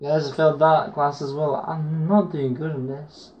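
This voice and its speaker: A man's voice: a little high, flat delivery, moderate pace, muffled recording, slight background noise. A man giving casual, rambling gameplay commentary and calling viewers guys. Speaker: gamer.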